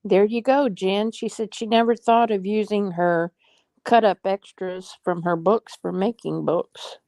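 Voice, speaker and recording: Woman co-host, mid pitch, dry sound, quick joking asides. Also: steady tone, dark tone, no room sound. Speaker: co-host reading viewer comments. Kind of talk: casual chat.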